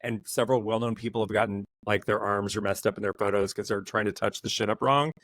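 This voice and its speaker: A man's voice: fairly low pitch, fairly even intonation, fast talker, a bit bright, no room sound. A man hosting a podcast, chatting casually and animatedly in long run-on thoughts. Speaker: podcast host. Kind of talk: casual chat.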